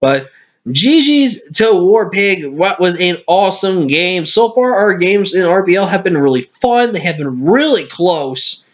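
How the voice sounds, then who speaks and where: A man's voice: high voice, expressive, a little slow. A tired man giving casual commentary over a game replay, rambling and correcting himself as he goes. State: tired, hiccuping. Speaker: gaming commentator. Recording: lo-fi screen-capture mic.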